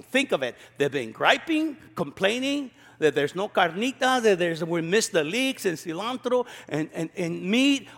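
Man, pastor, sermon, high voice, acts out quotes, sarcastic asides, long hall reverb. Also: sing-song, a little slow, few pauses, a bit bright. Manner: reads scripture then preaches with sarcastic asides.

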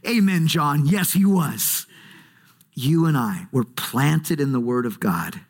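A man preaching a sermon in a church, swinging between high, eager bursts and low, hushed intensity. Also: lively intonation, normal speed. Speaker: pastor.

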